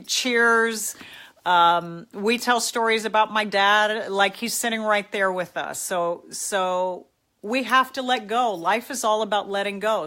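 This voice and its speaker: Bright, heartfelt middle-aged woman host. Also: mid-range voice. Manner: heartfelt, emotional and encouraging, like a pep talk. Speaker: host answering viewer comments. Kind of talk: live casual talk, reading out comments.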